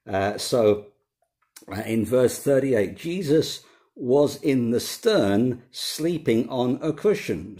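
A middle-aged man gives a relaxed devotional talk as a pastor, his voice mellow and dark in tone. He speaks conversationally, with frequent fillers and small restarts. He keeps a fairly steady, unhurried pace. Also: medium pitch.

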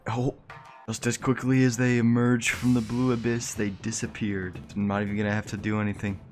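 A young man giving casual gameplay commentary, excitable and jokey, often laughing. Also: fairly low pitch, brisk, faint music behind. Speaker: gaming YouTuber.

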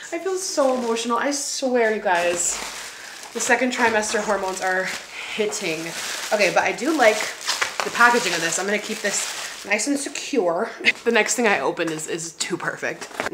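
A woman's voice: mid-range voice, background noise. A young woman chatting casually to her vlog audience at home, bubbly and chatty, laughing often. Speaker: lifestyle vlogger. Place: home, indoors. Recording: echoey room.

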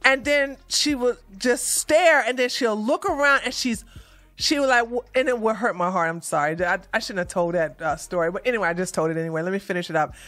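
A woman giving casual, animated reaction commentary as a news vlogger, chatty and often laughing. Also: medium pitch, a little fast.

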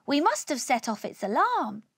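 A woman voicing a small, eager male alien who pilots a spaceship in a storybook, exclaiming in a raised, bright voice. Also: high-pitched, big pitch swings, moderate pace, no room sound, clean studio sound, heavily acted. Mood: excited.

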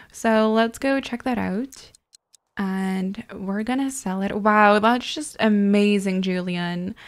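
A woman giving casual gameplay commentary, gushing and excitable, often squealing and laughing over cute moments. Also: mid-range voice. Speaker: gaming channel host.

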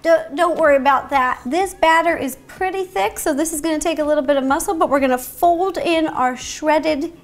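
A woman in her thirties hosts a baking tutorial in a bright, high voice. She is bubbly and playful and makes little sound effects as she goes. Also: moderate pace, hardly any pauses. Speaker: baking show host.

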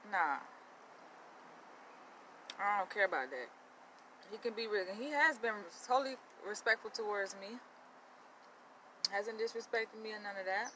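A woman's voice: medium pitch, normal speed, pauses often, slight background noise, low-quality recording. A young woman ranting bluntly and profanely to her viewers outdoors while eating. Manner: blunt, profane, animated, addresses viewers directly. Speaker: vlogger. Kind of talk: blunt casual rant.

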